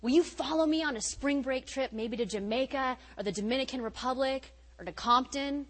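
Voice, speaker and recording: A woman preaching as a guest speaker, her voice sitting a little higher than most. She tells personal stories with easy laughter, building to loud, emphatic lines and then dropping to soft, quiet ones. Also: brisk, in a large hall, poor audio. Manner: animated, laughing storytelling. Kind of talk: sermon.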